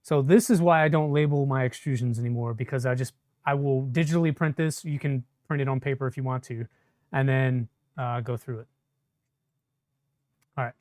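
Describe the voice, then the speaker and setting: A man's voice: medium pitch, steady tone, normal speed, darkish tone, no room sound, studio quality. A man chatting casually on a live stream while he assembles a 3D printer, answering viewer comments as he works. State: a bit shaky from caffeine.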